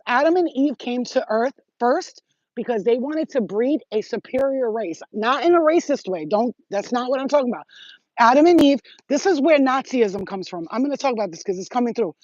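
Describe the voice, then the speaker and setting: A woman talking as a spiritual healer in a rambling, animated and profane livestream monologue. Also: on the high side, no room sound, dull audio.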